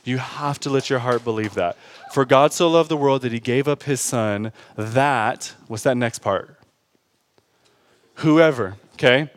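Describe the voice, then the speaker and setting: A man preaching a sermon in a casual, conversational way, growing loud and lively as he gets stirred. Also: measured pace. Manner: animated, rising loud and high when stirred, laughing at his own stories. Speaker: pastor.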